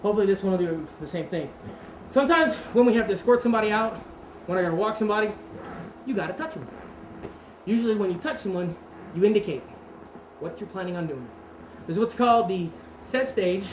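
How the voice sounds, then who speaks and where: A woman's voice: mid-range voice, fast talker, long pauses. A woman teaching a martial arts seminar, talking casually, quizzing the class and correcting herself. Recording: roomy echo with steady background noise.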